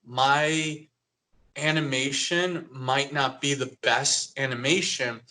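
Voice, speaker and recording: A man's voice: medium pitch, fairly even intonation, takes it slowly, bright, forceful tone. A young man from New Jersey, an animator guest on a podcast, talking in a loose, rambling way with lots of "like.". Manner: rambling, heavy use of "like". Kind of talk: casual interview chat.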